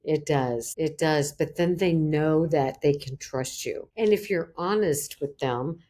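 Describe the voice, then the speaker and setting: A woman's voice: a little slow, mellow, a little hiss or hum. A woman guest on a podcast, talking emphatically and acting out conversations with big swings in her voice. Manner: emphatic, acts out quotes with big pitch swings. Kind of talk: casual interview chat.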